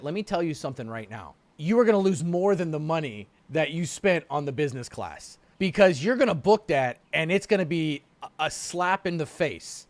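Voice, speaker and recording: Animated man telling stories on stream. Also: on the high side, normal speed, no echo. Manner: animated, frequent restarts and repeated words. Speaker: stream host. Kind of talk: casual storytelling.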